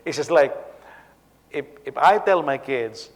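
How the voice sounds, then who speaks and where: A man, a senior pastor, preaching a sermon in an animated, halting way, often repeating words as he goes. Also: medium pitch. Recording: long reverb of a hall.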